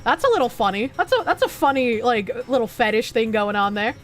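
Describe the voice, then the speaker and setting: A woman's voice: a little high, a little fast, soft background music. A young woman streaming a game, chatting casually and swearing as she jokes with her chat. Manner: animated, swearing, joking with chat, frequent laughs.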